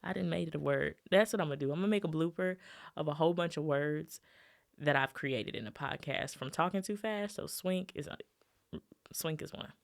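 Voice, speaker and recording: Chatty woman podcast host, slightly low voice. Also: fairly quick, gravelly. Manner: chatty, animated, addresses listeners as "y'all", ranting with laughs. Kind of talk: casual solo podcast talk.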